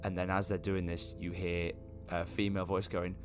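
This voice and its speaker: A man narrating a tabletop game as game master, describing scenes in a relaxed way with many fillers. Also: low-pitched, moderate pace, soft background music.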